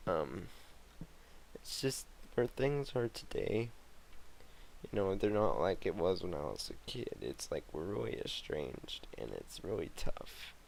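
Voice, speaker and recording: A young man telling his life story in a vlog, halting and emotional with many fillers and restarts. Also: low voice, creaky, darkish tone, a little hiss or hum, rough recording. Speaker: vlogger telling his memoir. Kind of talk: personal memoir vlog.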